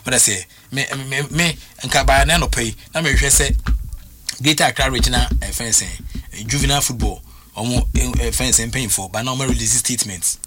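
A man's voice: medium pitch, brisk, a bit bright. A man with a Ghanaian accent talking football on a radio sports show, emphatic and repetitive as he drives his points home. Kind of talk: sports talk radio discussion.

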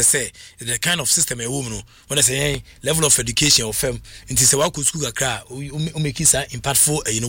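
A man giving animated, excitable sports commentary as a radio host, switching between languages and laughing often. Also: medium pitch, slightly rough, dry recording.

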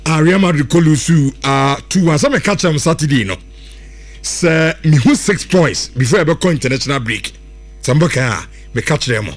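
A man, a radio presenter chatting loosely and ramblingly about football. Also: on the high side. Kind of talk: casual radio football chat.

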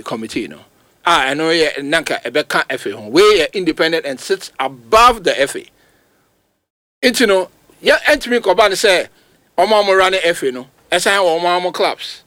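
A man with a Ghanaian accent giving emphatic, animated football commentary on a talk show, his voice jumping high at points of emphasis. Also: no echo. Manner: emphatic, animated, rising to sudden high outbursts. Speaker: football pundit. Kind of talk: radio sports talk, mixing Twi and English.

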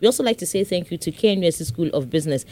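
A woman radio host with a Ghanaian English accent, joking with her co-host and reading sponsor messages in a lively, teasing way. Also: lowish voice, no room sound. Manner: teasing, jokey, reads numbers and ads briskly. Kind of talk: playful radio chat and sponsor reads. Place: radio studio.

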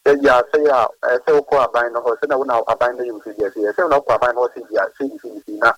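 A man calling in to a sports radio show, talking haltingly with many repeats. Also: mid-range voice, steady tone, fairly bright tone, no room sound, poor audio. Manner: halting, repetitive. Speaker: caller. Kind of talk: phone-in call.

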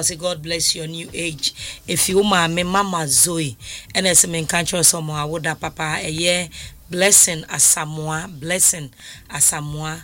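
Ghanaian lady hosting a call-in radio show, bright voice, chatty, laughs easy, sings birthday shoutouts. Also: low voice, fairly even intonation, unhurried. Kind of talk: casual radio call-in chat.

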